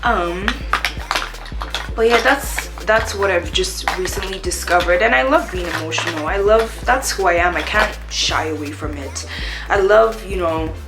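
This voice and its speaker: A young woman chatting candidly while doing her makeup, reflective and quick to laugh. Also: lowish voice. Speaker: beauty vlogger. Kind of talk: get-ready-with-me chat while doing makeup. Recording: echoey room with faint music.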